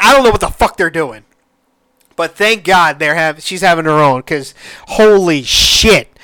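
A man hosting a solo podcast, gushing excitedly, cursing freely and stumbling over restarts. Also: high voice, dry recording. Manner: excitable, gushing, swears a lot, stammers and restarts. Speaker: podcast host.

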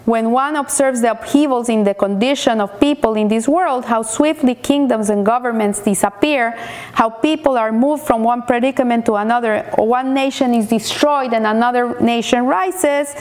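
A woman delivering a weekly Torah lesson with a slightly high voice. She speaks in halting phrases, restarting and repeating words as she gathers her thoughts. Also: a little mellow. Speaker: Torah teacher.

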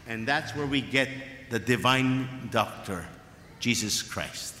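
A man's voice: medium pitch, slow, sharp tone, slight background noise. A man preaching a sermon as a priest, emphatic and fond of repeating his phrases. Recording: echoey hall with long reverb.

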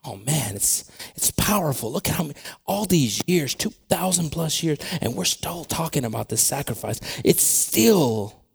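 A man preaching a sermon, moving between loud impassioned preaching and hushed prayer. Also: on the high side, expressive, moderate pace, vocal fry, slightly rough. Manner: switches between English and Spanish.

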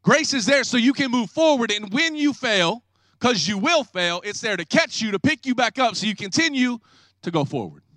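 A man pastor preaching an energetic, joking sermon, acting out people's excuses. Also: very high-pitched, normal speed, no echo.

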